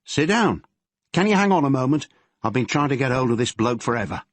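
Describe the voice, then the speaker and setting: A cagey male music promoter, defensive and slippery under questioning, voiced by a male reader. The husky voice rises and falls a lot. The recording is dry and close. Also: mid-range voice, very animated, fairly quick, no room sound, pitched above the performer's own voice. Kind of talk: audiobook character reading.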